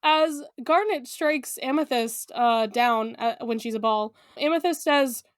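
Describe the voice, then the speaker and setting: A woman's voice: high voice, measured pace, dry recording, clean studio sound. A woman co-hosting a podcast episode recap in casual, giggly chat full of fillers. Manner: chatty, giggly, lots of fillers. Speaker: podcast co-host.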